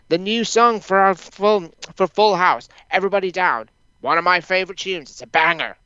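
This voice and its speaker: A man's voice: high voice, moderate pace, sharp tone, smooth, no room sound, muffled recording. A man co-hosting a wrestling podcast in loose, casual chat, laughing and swearing freely. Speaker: podcast co-host.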